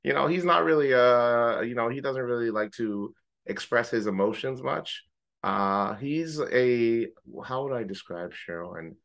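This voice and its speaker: A man co-hosting a podcast, telling a story in casual chat, animated, swearing freely and mimicking friends in high joking voices. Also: unhurried, vocal fry. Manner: swears casually, uses gamer slang. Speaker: podcast co-host.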